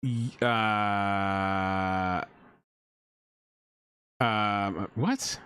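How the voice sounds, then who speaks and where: A man's voice: mid-range voice, animated, a little slow, pauses often, a bit bright, dry recording, clean studio sound. A man chatting casually to a live-stream audience while painting miniatures, joking with mock outrage.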